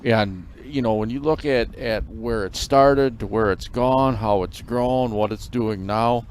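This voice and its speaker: A man co-hosting a live fishing stream in relaxed, conversational commentary, often pausing on fillers. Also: mid-range voice, a little hiss or hum.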